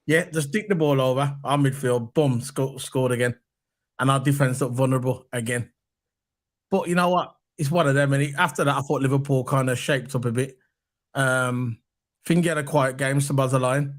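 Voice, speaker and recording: A man hosting a casual football fan chat, animated and repeating his points for emphasis. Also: mid-range voice, moderate pace. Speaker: football podcast host.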